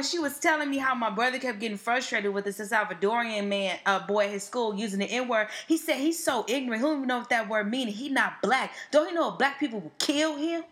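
A young woman co-hosting a podcast, telling stories in a casual, slangy, joking way. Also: on the high side. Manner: animated storytelling, slangy and joking. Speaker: podcast co-host. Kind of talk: casual chat.

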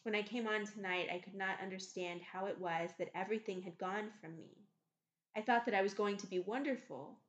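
A woman's voice: mid-range voice, brisk, a bit bright, roomy sound, lightly acted. A woman reading aloud, voicing a dreamy, devoted young actress in a lingering, lyrical way. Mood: rapturous. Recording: slightly muffled recording.

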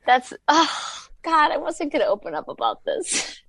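A woman's voice: sits high, sing-song, a little slow, gravelly, a bit bright, dry recording. A young woman telling stories as a podcast guest, rambling with many fillers. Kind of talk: casual podcast chat.

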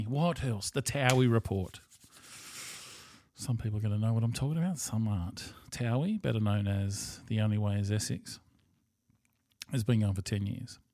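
Australian male host, casual monologue, swears freely, rambles, mid-pitched voice, dry close sound. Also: dark tone, dry recording. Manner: rambling, profane and blunt.

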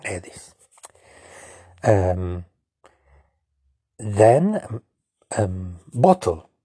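A man's voice: fairly low pitch, sing-song, mellow, no echo, clean studio sound. A father with an Italian accent, patiently giving his daughter a casual language lesson and repeating words for her. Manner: patient, repeats words slowly and coaxes the listener.

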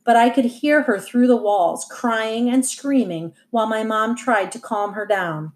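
A woman narrating a first-person novel as an audiobook reader, in plain, even storytelling. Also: fairly high pitch, measured pace.

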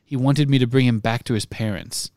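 A man reading aloud and voicing a shaken, injured teenage boy who mutters quietly. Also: medium pitch, fairly quick, no room sound, lightly acted. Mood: dazed. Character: shaken teenage boy hero, hurt and dazed.

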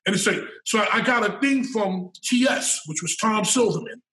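A middle-aged man with a high voice tells a story in a loose, animated way. He curses freely and repeats words as he builds toward the point. He is recorded from a distance, in a room with a lot of echo. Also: normal speed. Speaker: storyteller guest. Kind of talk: casual storytelling. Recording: roomy sound from a distant mic.

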